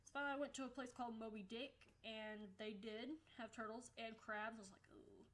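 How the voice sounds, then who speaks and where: A woman's voice: fairly high pitch, fairly even intonation, moderate pace, fairly bright tone. A young woman from the United States chatting casually in a vlog, blunt and swearing offhandedly. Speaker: vlogger.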